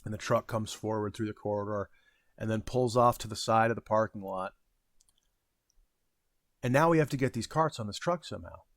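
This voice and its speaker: This thirties-aged male vlogger, recorded at studio quality with no echo, speaks at a normal speed in a lowish voice. He leaves long pauses while casually rambling through a self-deprecating tale of working retail, often restarting and using fillers.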